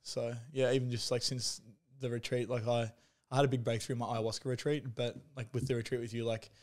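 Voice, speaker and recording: Fast-talking man, candid. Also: mid-range voice, level tone. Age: 30s. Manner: frank, swears freely, heavy use of "like" and "you know". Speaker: guest. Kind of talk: candid conversational storytelling.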